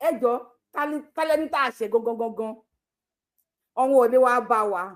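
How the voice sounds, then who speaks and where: Nigerian lady doing her channel talk, high voice, laughs a lot, mixes in pidgin. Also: fast talker. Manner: animated, laughing, mixing Yoruba with pidgin English. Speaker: YouTube channel host. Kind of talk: casual live commentary.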